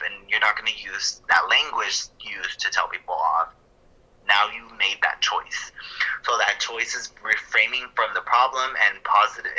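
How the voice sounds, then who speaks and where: Pitched on the low side, a podcast co-host sounds pushed and bright over low-quality audio. He works his way through counseling ideas in a relaxed, reflective style, with fillers and quick fixes to his own phrasing.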